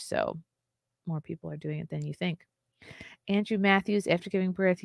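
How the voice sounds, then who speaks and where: A woman's voice: lowish voice, vocal fry, a bit bright, dry recording, studio quality. A woman hosting a casual livestream, candid and chatty, often laughing and reading viewer comments aloud. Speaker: livestream host.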